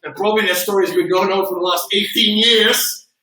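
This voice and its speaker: Animated man telling stories in an echoey gym. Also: high-pitched, a little fast. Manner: animated storyteller who acts out quotes loudly. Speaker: host and martial arts coach. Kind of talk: casual storytelling on a livestream. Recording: echoey gym, far from mic.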